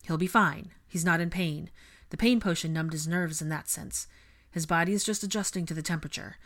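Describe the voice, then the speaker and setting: A woman's voice: on the low side, fairly quick, a bit bright. A woman reading the part of a brusque, commanding young wizard who gives firm, clipped orders.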